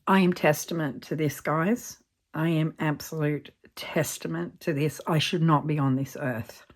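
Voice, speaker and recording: A woman's voice: sits low, steady tone, unhurried. A woman with an Australian accent chatting casually in a vlog as she opens mail, gushing and easily moved. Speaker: budgeting channel host. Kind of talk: casual vlog chat while opening mail.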